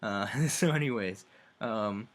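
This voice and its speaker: Young male game reviewer, lowish voice, rambling casual recap with crude jokes. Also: slow. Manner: loose and offhand, heavy on fillers and crude asides.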